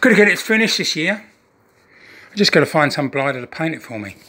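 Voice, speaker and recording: A man's voice: a little high, expressive, fairly quick, bright, forceful tone, husky. A man chatting to camera about his model trains, telling a joking story. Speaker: model railway hobbyist vlogger. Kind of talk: casual chat to camera.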